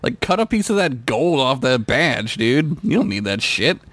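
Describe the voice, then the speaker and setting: Male co-host, wry sarcastic quips, very expressive pitch, loose profane humor. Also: moderate pace. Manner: wry, sarcastic quips, swearing, frequent laughter. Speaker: podcast co-host. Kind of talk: casual comedic chat.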